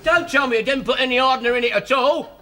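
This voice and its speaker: A man's voice: very high voice, fast talker, very noisy. A man in a 1970s sitcom, trading cheeky jokes about paint. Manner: cheeky, jokey banter. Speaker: sitcom character, bus driver son.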